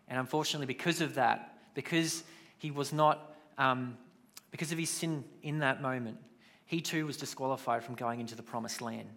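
A man's voice: on the high side, moderate pace, fairly bright tone. A man preaching a sermon in a conversational way, with casual asides. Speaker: pastor.

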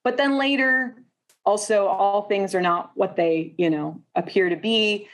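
A woman's voice: mid-range voice, unhurried. A woman hosting a casual film discussion, leading with thoughtful questions and frequent filler sounds. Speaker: podcast host.

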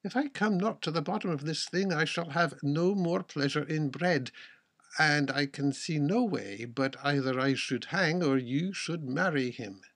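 A man with a husky voice reading the part of an older earl, stern and puzzled. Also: a little high, measured pace, fairly bright tone.

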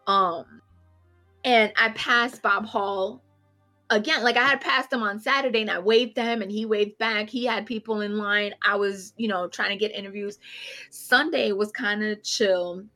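A woman on a podcast telling a funny convention story in casual chat, animated, laughing often and acting out the people she quotes. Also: medium pitch, unhurried, soft background music.

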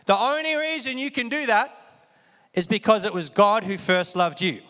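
A man's voice: high-pitched, moderate pace, bright, forceful tone. A man preaching a sermon with lots of energy, calling on the congregation to repeat after him. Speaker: pastor. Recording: long hall reverb.

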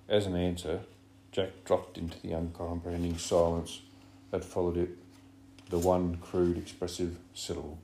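Low dark guy reading a novel, echoey room, faint hum. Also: level tone, normal speed. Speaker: audiobook narrator. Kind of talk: scripted narration.

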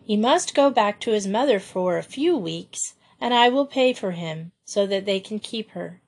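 A woman voicing a gentle young woman who cares for her little sister and soothes her. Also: mid-range voice, animated, normal speed. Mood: kind.

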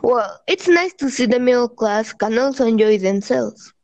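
A woman's voice: on the high side, animated, moderate pace, a little mellow, no echo. A woman co-hosting a scripted podcast, reading her lines plainly. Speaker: co-host. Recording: muffled lo-fi recording.

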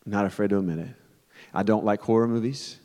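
A man in his thirties preaching a sermon, telling stories animatedly and swinging between loud bursts and hushed moments. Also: on the low side, brisk. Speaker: pastor. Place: church sanctuary. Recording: long reverb of a large hall.

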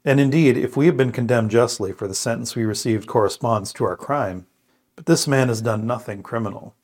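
This man's voice sits in the mid-range with a darkish tone. Co-hosting a scripture podcast, he prays and reads scripture aloud, reflecting earnestly and thoughtfully with frequent pauses and restarts.

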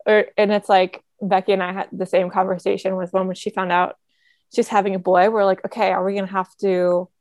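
A woman's voice: mid-range voice, a little fast, no echo, studio quality. A woman co-hosting a podcast, chatting casually and supportively. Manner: supportive, relaxed, conversational. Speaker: podcast co-host. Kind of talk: casual chat.

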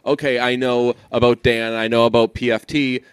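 A man co-hosting a podcast in casual banter, rambling and swearing freely with quick asides. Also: mid-range voice, little pitch movement, clear, resonant tone, no echo. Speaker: podcast co-host.

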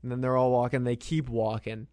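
A man's voice: mid-range voice, little pitch movement, fairly quick, darkish tone, smooth, no room sound, clean studio sound. A man co-hosting a podcast, casually recapping a film scene by scene and often restarting his sentences. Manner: rambling retelling with frequent restarts. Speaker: podcast co-host. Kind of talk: casual movie recap chat.

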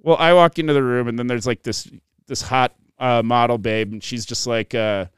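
A man's voice: mid-range voice, normal speed, clean tone, no room sound, studio quality. A man casually telling a story on a podcast, swearing a lot and acting out the people he quotes. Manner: profane, animated, acts out quotes.

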